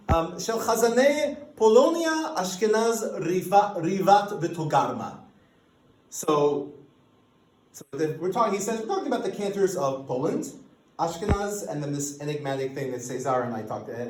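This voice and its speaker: A man giving an academic lecture, lively and animated, often restarting his sentences as he explains a source. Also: mid-range voice, echoey room, a little hiss or hum, rough recording. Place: lecture room.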